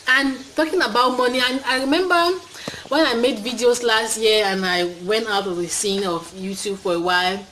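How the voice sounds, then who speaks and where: A young woman with a Cameroonian accent talks straight to camera in a loose, upbeat vlog. Her voice sits a little high, and she rambles along with plenty of fillers. A faint background hum runs underneath. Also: normal speed, a bit bright, rough recording. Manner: chatty, upbeat, many fillers. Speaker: channel host. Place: indoors, talking to camera.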